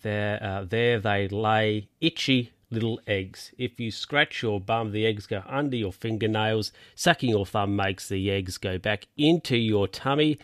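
A man voicing a brisk, no-nonsense male dog doctor who lectures sternly in a storybook. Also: lowish voice, fairly bright tone, no echo, clean studio sound. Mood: lecturing.

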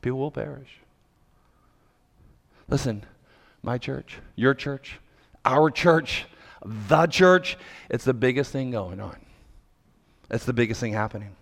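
A male pastor preaching a sermon, telling a lively story and acting out the voices of the people in it. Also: medium pitch, slow pace, gravelly, pauses often. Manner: animated, acts out quoted voices. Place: large church hall. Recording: long hall reverb.

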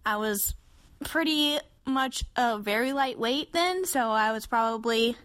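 Brief: lively twenties woman podcaster, slightly high voice, dry close sound, acts out quotes. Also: measured pace, no room sound. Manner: animated, acts out quoted voices with big jumps in pitch. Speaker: podcast co-host. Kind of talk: casual storytelling chat.

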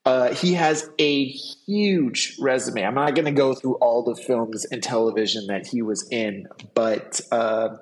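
A man's voice: mid-range voice, a little slow, hardly any pauses. A man co-hosting a podcast, telling trivia in enthusiastic casual chat. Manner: enthusiastic storytelling with fillers. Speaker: podcast co-host.

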